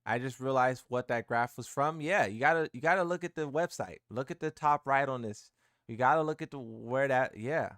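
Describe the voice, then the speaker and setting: A male gaming streamer chats casually through a live reaction, circling back and repeating his points in loose slang. His voice sits at an ordinary middle pitch. The sound is dry and close, with no room around it. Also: normal speed, a bit bright, no echo. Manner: rambling, repeats himself, slangy.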